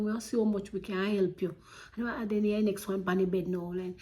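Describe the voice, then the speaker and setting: A woman's voice: mid-range voice, flat delivery, fairly quick, dark tone. A woman with a Jamaican accent earnestly recounting a personal story, with emotion and Patois-flavoured speech.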